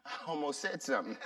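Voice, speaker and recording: Slow, emphatic male preacher, distant mic. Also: high voice, sharp tone. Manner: slow, deliberate and emphatic, with repetitions. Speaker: pastor. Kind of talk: sermon.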